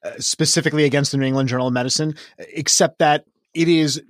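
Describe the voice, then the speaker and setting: A man's voice: fairly high pitch, fairly even intonation, fast talker, no room sound. A man co-hosting a podcast, talking in an earnest, emphatic way as he criticizes, on a close mic. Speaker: podcast co-host. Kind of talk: critical commentary discussion.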